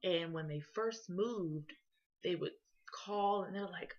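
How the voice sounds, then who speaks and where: A young woman from Ohio presents to her class in a loose, conversational way, leaning on fillers as she goes. Her voice sits low for a woman. The recording is dull and lo-fi. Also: slow. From Columbus, Ohio. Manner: casual, conversational, with many fillers and "you know"s. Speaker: student presenter.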